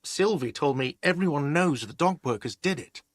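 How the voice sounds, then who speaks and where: A snarky hostel manager in a video game, voice bounces up and down, dry sound. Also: male voice, on the high side, expressive, normal speed, dry recording. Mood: gossipy. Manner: dry, sarcastic, scolding. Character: sarcastic, put-upon male hostel manager.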